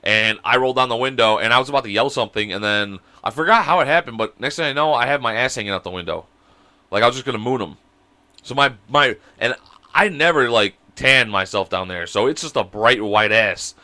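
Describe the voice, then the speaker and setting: Bright-voiced man telling a rambling story. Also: medium pitch, brisk, no room sound. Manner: rambling storyteller, laughs often, swears freely. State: sick with mucus. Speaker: podcast co-host. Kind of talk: casual chat. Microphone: video call.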